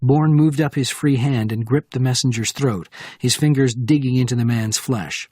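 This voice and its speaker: A man's voice: mid-range voice, moderate pace, dark tone, breathy edge, no echo, clean studio sound. Man narrating a thriller audiobook. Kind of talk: scripted narration.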